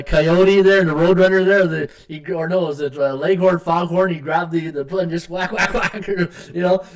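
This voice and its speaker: A middle-aged man hosts a live sports betting podcast, rambling with many fillers and reading viewer comments aloud. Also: fairly high pitch. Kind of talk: casual live-stream chat.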